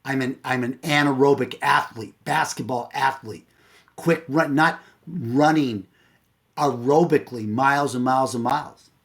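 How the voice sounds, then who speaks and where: Earnest storytelling coach, mid-pitched man. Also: moderate pace. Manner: earnest, drops low and soft when retelling the hard moments. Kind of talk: motivational speech with personal storytelling.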